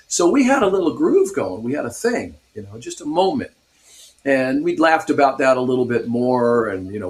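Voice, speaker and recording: A man in his sixties from Pasadena, California, a guest guitarist animatedly telling stories in a radio interview and laughing often. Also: mid-range voice.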